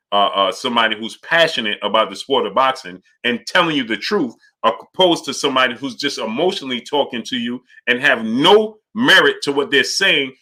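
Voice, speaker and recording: A man hosting a live boxing stream, greeting viewers by name and arguing his points forcefully. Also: mid-range voice. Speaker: boxing channel host. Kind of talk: live-stream chat and commentary.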